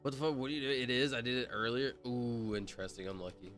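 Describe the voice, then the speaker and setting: A young man talks loosely to his stream as he plays, drifting from topic to topic in a relaxed, slangy way. His voice sits at an ordinary middle pitch, with soft music playing quietly behind him. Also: fast. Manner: relaxed, rambling, slangy, says "bro" often. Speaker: livestreamer. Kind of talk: casual stream chat while gaming.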